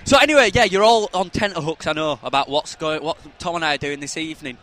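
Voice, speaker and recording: A man's voice: fairly high pitch, fast. A man co-hosting a podcast, chatting and joking with a friend at a football match. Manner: joking, chatty, jumps between loud outbursts and mutters. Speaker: podcast co-host. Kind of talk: casual chat.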